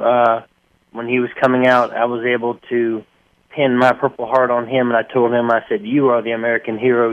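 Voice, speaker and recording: A veteran man calling in with a halting, choked-up tribute, full of fillers. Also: medium pitch, dry recording. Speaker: caller, veteran. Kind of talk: emotional phone-in tribute. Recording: tinny phone line.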